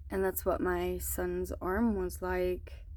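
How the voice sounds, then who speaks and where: Slow, earnest woman telling a dream. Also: fairly low pitch, flat delivery, darkish tone. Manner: slow, earnest, hesitant storytelling. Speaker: mother recounting a dream. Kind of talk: personal testimony.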